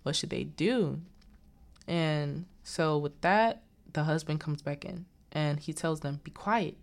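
Low-pitched, gravelly woman recapping a movie. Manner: animated, acts out the characters' lines in quick voices; chatty asides and digressions.

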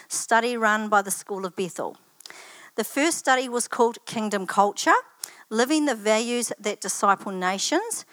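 A woman's voice: medium pitch, fairly bright tone, dry recording. An older woman giving a personal testimony at church, telling stories in a chatty, anecdotal way with asides.

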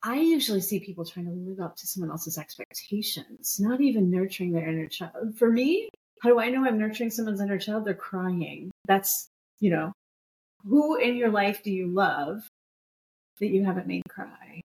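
A woman guest on a studio podcast, soft-spoken and reflective in casual chat. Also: medium pitch, expressive, normal speed, low-quality recording.

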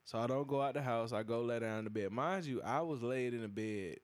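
This is a young adult man, hosting a podcast and spinning a story in easy, profane chat. His voice sits in the middle range. When he quotes someone, he leaps into animated, high-pitched impressions. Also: a little fast. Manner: animated, profane, acts out quoted lines with big pitch jumps. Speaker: podcast host.

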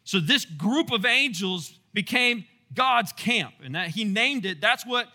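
Animated high-voiced man preaching. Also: measured pace. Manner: animated, playful storytelling with asides to the audience. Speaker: pastor. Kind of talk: casual Bible teaching sermon.

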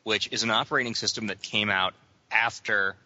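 A young man co-hosting a casual gaming podcast, arguing his points and quick to interrupt and correct. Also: fairly low pitch, fairly even intonation, bright, forceful tone. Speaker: podcast co-host. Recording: dull lo-fi sound.

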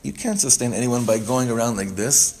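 A man's voice: medium pitch, fairly quick, a little mellow. Man teaching a casual text class. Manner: explains step by step, repeats phrases, frequent restarts.

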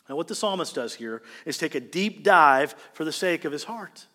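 A man preaches a sermon in a fairly high voice, his pitch and volume climbing whenever he stresses a point. He sounds earnest and direct. The sound rings with the long reverb of a church hall. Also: lively intonation, normal speed, few pauses, sharp tone. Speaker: pastor.

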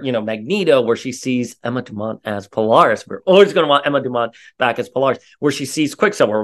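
A man giving opinionated casual commentary, animated and ranting, his voice rising sharply when he gets riled. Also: mid-range voice.

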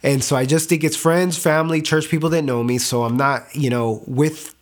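A young man giving an earnest, emotional personal faith testimony, halting at times and repeating words. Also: a little high, steady tone. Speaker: testimony speaker.

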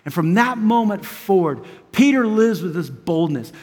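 Male pastor, high voice, emphatic sermon delivery with hushed asides, long hall reverb. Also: expressive, moderate pace, breathy edge. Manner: emphatic, swinging from loud urgency to hushed intimacy; chuckles between phrases.

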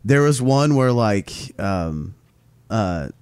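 A man co-hosting a podcast, telling long stories in casual chat and acting out the quotes with loud swearing. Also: on the low side, very animated, slow, smooth, no echo. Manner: rambling storyteller who acts out quotes with loud swearing. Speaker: podcast co-host.

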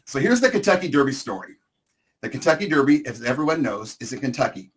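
A middle-aged man spins a rambling, exaggerated comic story in a relaxed co-host chat. He talks at an ordinary pitch, loose and conversational, piling on asides and overstatements. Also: quick pace.

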